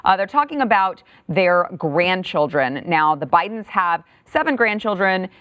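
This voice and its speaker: Woman, talk show co-host, sarcastic, lower pitch, dry close sound. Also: expressive, a little slow, a bit bright, clear, resonant tone, no echo. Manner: sarcastic, laughs often. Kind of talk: political commentary talk show.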